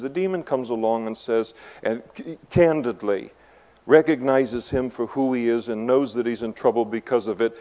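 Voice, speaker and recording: A man preaching a sermon as a pastor, emphatic, with conversational asides, swinging between quiet and loud passages. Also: mid-range voice, normal speed, low-quality recording.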